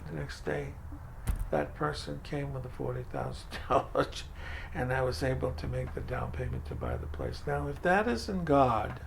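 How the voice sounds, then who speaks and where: Older man, interview storyteller, gravelly, acts out conversations, slight background hiss. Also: medium pitch, animated, moderate pace. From Franco-American, from Maine. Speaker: food pantry director. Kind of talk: oral history interview.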